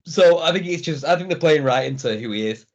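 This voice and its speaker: A man chats about wrestling, circling back and restarting as he tells stories. His voice is fairly high with a gravelly fry, and the recording sounds dull and lo-fi. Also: animated, a little fast. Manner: rambling, restarts and stumbles. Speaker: wrestling podcast co-host. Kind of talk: casual review chat.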